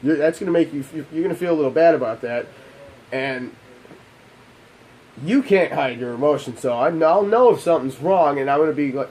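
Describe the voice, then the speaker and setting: A young man with a mellow, darkish voice tells a painful memory from his own life. He talks haltingly and restarts often, and his voice sinks low as he fights back tears. A faint hiss of noise sits under the recording. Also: lively intonation, low-quality recording. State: emotional, holding back tears. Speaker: gaming channel host. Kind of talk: emotional personal storytelling.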